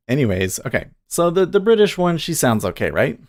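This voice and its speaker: A man's voice: mid-range voice, very animated, moderate pace. A man chatting casually on a live trading stream, rambling and chuckling often.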